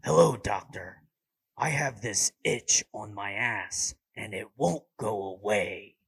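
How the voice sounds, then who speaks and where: A man doing a gruff whispered Batman voice. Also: lowish voice, heavily acted. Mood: brooding. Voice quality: gruff, breathy near-whisper. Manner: slow, exaggerated, deadly serious delivery. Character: gravelly whispering male caped-crusader hero voice.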